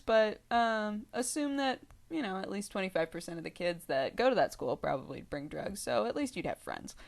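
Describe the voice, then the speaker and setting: A young woman vlogger chatting casually to her viewers. She rambles from one aside to the next with plenty of fillers and giggles. Her pitch sits in an ordinary middle range. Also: gravelly. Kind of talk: casual storytime vlog.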